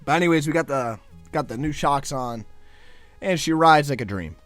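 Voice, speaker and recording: A man's voice: on the high side, lively intonation, moderate pace, a bit bright, dry recording, soft background music. A young man, a guest commentator, chatting casually over gameplay footage and stumbling over his words as he rambles.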